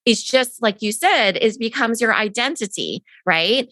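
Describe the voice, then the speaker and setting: A woman's voice: on the high side, animated, unhurried, fairly bright tone, no echo, studio quality. A woman co-hosting a podcast, speaking thoughtfully and searching for words in casual conversation. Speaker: podcast co-host. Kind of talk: casual interview chat.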